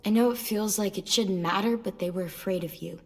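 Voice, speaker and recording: A woman's voice: mid-range voice, a little fast, a little mellow, slightly rough. Guarded teen survivor girl, blunt and worried; game dialogue with long reverb.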